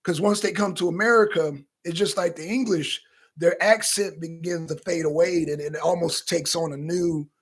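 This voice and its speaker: Brief: husky man with a high voice, co-host doing a loose, profane, animated rant. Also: normal speed. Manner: animated, loose and profane, slips into quoting himself. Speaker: talk show co-host. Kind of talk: casual profane commentary.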